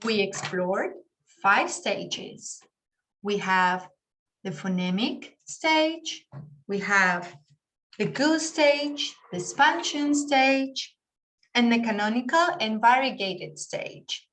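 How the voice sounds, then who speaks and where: A woman's voice: on the high side, slow pace, fairly bright tone. A woman whose first language is Spanish, teaching an online class over a video call and patiently explaining with spoken examples.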